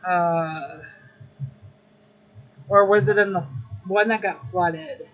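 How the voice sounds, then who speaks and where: A woman's voice: fairly low pitch, fairly even intonation, takes it slowly, a little hiss or hum, poor audio. A young adult woman livestreaming, chatting casually with her viewers, emotional and grateful. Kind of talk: casual live-stream chat.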